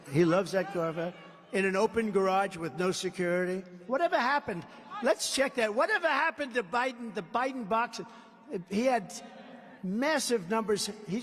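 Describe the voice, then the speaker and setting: A man in his seventies from the United States giving a combative, repetitive campaign rally speech at a podium microphone. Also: high-pitched. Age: 70s. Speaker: political candidate. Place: large indoor rally venue. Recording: long arena reverb.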